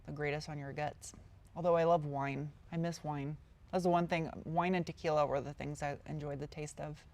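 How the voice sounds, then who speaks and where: Here a car-build YouTuber with a voice on the low side casually works through live-stream questions, reading each one aloud and rambling on. The recording is dry.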